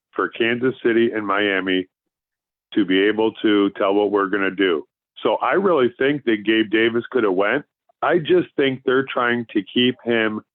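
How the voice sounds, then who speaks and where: A man's voice: medium pitch, no echo. A man joining a casual sports podcast by phone, talking emphatically and throwing out rhetorical questions. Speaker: podcast co-host. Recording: tinny phone-line call-in.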